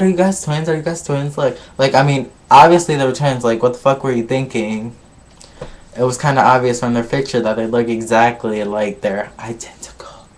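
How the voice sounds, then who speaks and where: A man casually recapping a reality show episode, gossipy and full of swearing, skipping ahead with filler. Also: mid-range voice. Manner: gossipy, swears a lot, skips ahead with "blah, blah, blah". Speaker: vlogger reviewing a reality show.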